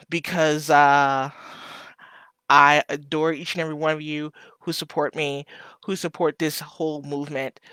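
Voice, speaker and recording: A man hosts a live stream, talking loosely through viewer comments with plenty of fillers. His voice is bright and crisp, recorded dry and close with no room sound. He is emotional and keeps fighting back tears. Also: fairly high pitch, dry recording. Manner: loose and rambling with many fillers. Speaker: livestream host. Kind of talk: casual live chat, reading viewer comments.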